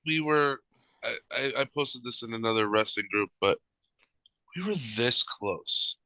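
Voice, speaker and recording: A man co-hosting a podcast in casual chat, blunt, jokey and quick to swear. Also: mid-range voice, bright, forceful tone, clean tone, no echo, rough recording. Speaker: podcast co-host.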